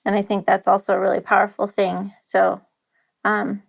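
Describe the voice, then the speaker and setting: A woman's voice: medium pitch, monotone, normal speed, gravelly. A woman being interviewed as a guest on a podcast, speaking candidly and emotionally, close to tears and nervous, with many "like"s and restarts. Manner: emotional and open, lots of "like" and restarts. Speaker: guest, company founder.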